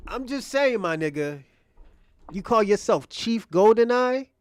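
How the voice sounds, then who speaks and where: A man with a high, animated voice speaks a little slowly as he hosts a livestream. He rants at his chat, mocking and provoking them, cursing, repeating himself and restarting phrases.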